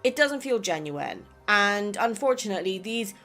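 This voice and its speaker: A woman's voice: mid-range voice, expressive, normal speed, fairly bright tone, soft background music. A woman from England with a West Country accent touched by American, chatting casually and rambling as she reads out viewer comments on her gaming channel. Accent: English West Country with some American. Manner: chatty, rambling, self-doubting. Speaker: gaming YouTuber.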